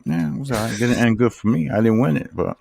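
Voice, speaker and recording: A man's voice: fairly low pitch, animated, quick pace, vocal fry, a little mellow. A man co-hosting a casual podcast, laid-back and streetwise. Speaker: podcast co-host. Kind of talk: casual chat.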